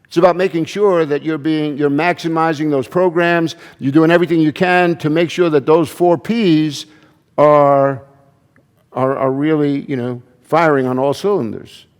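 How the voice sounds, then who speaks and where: A man's voice: on the high side, fairly even intonation, moderate pace, clean tone, big-room sound. A man preaching a sermon as pastor, in a conversational style with frequent restarts and asides. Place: church.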